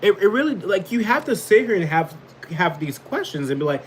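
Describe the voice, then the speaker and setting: A man's voice: sits high, very animated, brisk, a little hiss or hum, rough recording. A man giving casual live political commentary, rambling, swearing and snapping back at chat comments. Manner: rambling, profane, reacts angrily to chat comments.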